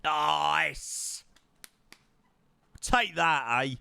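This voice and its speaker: A man's voice: a little high, extremely slow, creaky, pushed and bright, clear, resonant tone, no echo. A young man streaming live, chatting casually in a rambling way with sighs and yawns, tired. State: tired, yawning. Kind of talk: casual chat.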